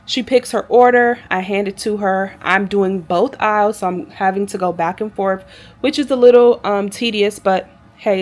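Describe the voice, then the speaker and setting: A woman in a casual vlog, recounting a day at work as a flight attendant. She talks in a chatty, animated way, with exasperated asides to her viewers, at a middle pitch.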